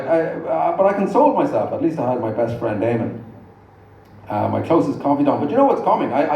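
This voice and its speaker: A middle-aged man's stand-up routine, heard in a big live venue, leans dry and self-deprecating and wanders into rambling asides. His voice is on the high side with a darkish tone. The hall echoes, the mic is far off, the recording is noisy, and the audience can be heard laughing.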